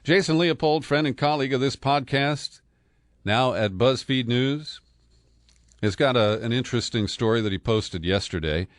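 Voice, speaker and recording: A man's voice: mid-range voice, normal speed, no room sound, clean studio sound. A man hosting a political podcast, talking through the news in a sardonic, conversational way with frequent fillers and chuckles. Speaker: podcast host.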